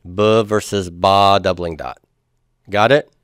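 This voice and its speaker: A man's voice: deep voice, steady tone, slow, fairly bright tone, dry recording, clean studio sound. A man teaching a Hebrew grammar class who explains each step patiently and puts questions to his students. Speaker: Hebrew instructor.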